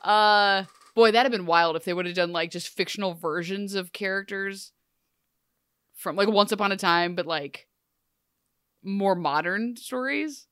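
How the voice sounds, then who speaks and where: A woman co-hosts a podcast in a mid-range, smooth voice, speaking unhurriedly in a dry recording with clean studio sound. Casual and joking, she tells an animated, chatty story packed with asides.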